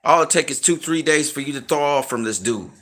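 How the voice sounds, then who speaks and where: Male commentator, forceful slightly high voice, blunt profane rant, lecturing tone. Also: a little fast. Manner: slangy and emphatic, grows heated and rises in pitch. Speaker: online commentator. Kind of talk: unscripted rant to viewers.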